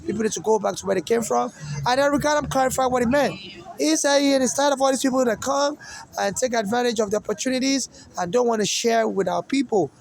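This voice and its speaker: A man's voice: sits high, gravelly, slight background noise, rough recording. A man from Nigeria with an accent that mixes Nigerian and American English, rambling through a personal monologue and circling back to the same points again and again. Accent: mixed Nigerian and American English.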